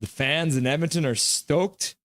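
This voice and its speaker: Excitable man hosting a live hockey stream. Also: a little high, unhurried, no room sound. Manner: excitable, chatty, reads chat aloud. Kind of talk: live hockey reaction and play-by-play.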